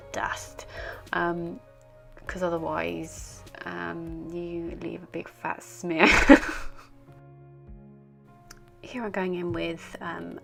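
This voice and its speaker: A woman's voice: on the low side, vocal fry. A young woman chatting through a voice-over of her art journal, rambling and self-deprecating. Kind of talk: casual voice-over narration.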